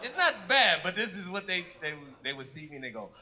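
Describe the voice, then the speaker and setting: A man with a high voice performing stand-up comedy on a club stage. He tells his stories with animated energy, acting out the people in them. Audience noise is plainly heard behind him. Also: a little fast, low-quality recording. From United States. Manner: animated storytelling with acted-out quotes.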